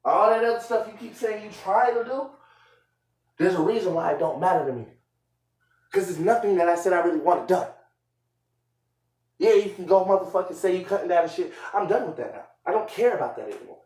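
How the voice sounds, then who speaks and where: Furious man yelling in an echoey room. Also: high-pitched, lively intonation, brisk, pauses often. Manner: angry, profane, repetitive shouting. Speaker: live stream host. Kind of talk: heated argument on a live stream.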